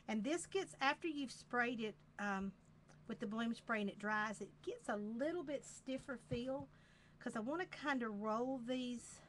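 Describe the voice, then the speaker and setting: A Southern-accented woman walks through a craft project live, chatting at an easy pace and repeating phrases as she works. Her pitch sits fairly high, with slight background noise.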